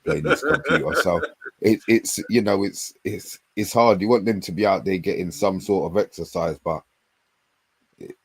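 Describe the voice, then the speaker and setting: Deep husky guy, blunt and jokey, dry close sound, laughs a lot. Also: normal speed, dry recording. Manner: blunt, laughs often, swears casually. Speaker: podcast co-host. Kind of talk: casual chat.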